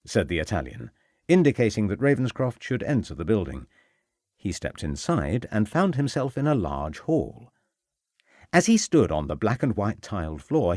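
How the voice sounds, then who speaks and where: Brief: male audiobook narrator, low voice, lively intonation, dry close mic. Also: dry recording.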